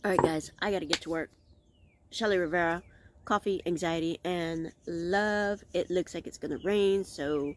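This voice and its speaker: A woman's voice: fairly low pitch, normal speed. A middle-aged woman hosting a casual vlog outdoors, talking candidly and rambling, often restarting her thoughts. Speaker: vlog host. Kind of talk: casual reflective vlog monologue.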